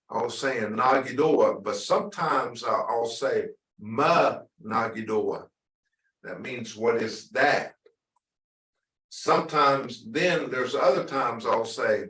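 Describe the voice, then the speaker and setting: A man's voice: mid-range voice, fairly bright tone. A man teaching a language class, patiently repeating words and asking students to say them back. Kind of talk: online language class instruction. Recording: echoey, distant mic with noise.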